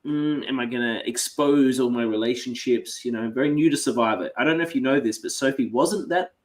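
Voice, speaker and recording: A man's voice: mid-range voice, brisk. A man co-hosting a podcast, chatting casually through a reality show recap, swearing freely and restarting his sentences. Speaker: podcast co-host.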